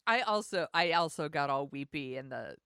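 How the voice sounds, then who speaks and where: Lowish, dry-voiced woman chatting casually. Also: animated, normal speed, creaky, fairly bright tone, clean tone, dry recording. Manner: chatty, laughs often. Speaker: podcast co-host. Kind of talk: casual chat.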